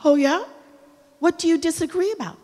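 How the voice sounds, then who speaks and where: A woman's voice: extremely high pitch, normal speed. Woman preaching in a reverberant hall. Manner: animated, humorous, acts out quotes with big shifts in loudness. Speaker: pastor. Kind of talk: sermon. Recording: long reverb of a large hall.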